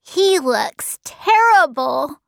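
A woman voicing a young boy who speaks coldly and slowly in an audiobook. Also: high voice, lively intonation, gravelly, fairly bright tone, no room sound, clean studio sound, pitched above the performer's own voice, heavily acted. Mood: eerie, cold. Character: young boy, cold and eerily calm, under an evil power. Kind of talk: audiobook character voice.

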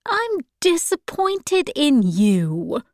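A woman's voice: high-pitched, wildly swooping pitch, very slow, darkish tone, no room sound, clean studio sound, pitched above the performer's own voice, heavily acted. A woman voicing a fussy, meddling middle-aged aunt with a reproachful manner.

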